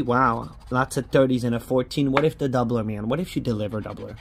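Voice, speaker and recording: Male vlog host, middle-pitched, frustrated casual chatter with light background noise. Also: fairly quick, hardly any pauses. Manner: frustrated, grumbling, repeats "man". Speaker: lottery scratch-off channel host. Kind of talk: casual narrated scratching vlog.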